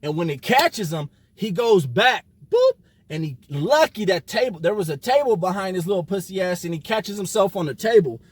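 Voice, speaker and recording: A man with a high, husky voice tells a personal story in loose, profane street slang, swearing freely and acting out every exchange with animation. He speaks at a normal speed, and the recording is dry and close, with no echo.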